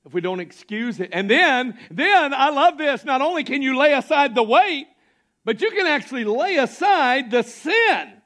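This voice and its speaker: A male pastor with a Southern American accent delivers a sermon in a notably high voice for a man. He swings between rousing, shouted declarations and sudden near-quiet asides, speaking to his congregation in a church sanctuary. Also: very animated, moderate pace.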